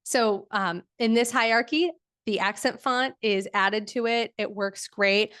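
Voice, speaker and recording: A woman's voice: medium pitch, unhurried, a bit bright, clean tone, no echo, clean studio sound. A woman teaching a live online design workshop, casual and chatty with lots of fillers like "um" and "like".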